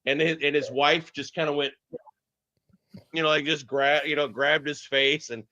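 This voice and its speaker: A man telling stories in a casual group chat, often halting and restarting, with a muffled lo-fi sound. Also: a little high, fairly even intonation, pushed and bright. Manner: storytelling, halting restarts, laughs. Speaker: host.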